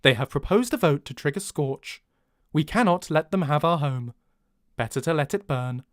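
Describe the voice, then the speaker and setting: Man voicing a monotone alien terminal, slow and flat, tight dry sound. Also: no room sound, lightly acted. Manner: slow, unmodulated, no rising pitch on questions.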